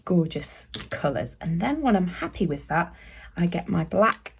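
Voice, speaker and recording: Lively, gravelly woman teaching drawing. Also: lowish voice, measured pace, slight background noise. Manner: chatty and encouraging, often drops to a soft whisper. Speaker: library staff member leading a craft activity. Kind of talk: chatty drawing tutorial for children.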